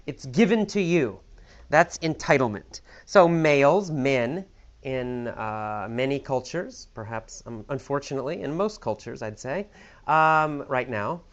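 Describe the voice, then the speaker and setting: A man teaching English vocabulary, explaining words slowly and patiently with many examples and restatements. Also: a little high, a bit bright. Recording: slightly dull lo-fi audio.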